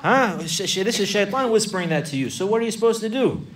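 A man's voice: sits high, fast, far from the mic. A man teaching a religious lesson to children, asking questions, repeating key phrases and stacking lists. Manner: asks and repeats questions, animated, builds lists. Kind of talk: Islamic lesson for kids with questions.

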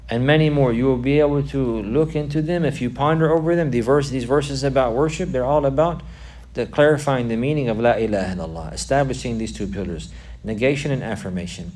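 A man's voice: medium pitch, fairly quick, darkish tone. A man teaching a religious class, repeating key phrases for emphasis and putting questions to his students. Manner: quizzes the class.

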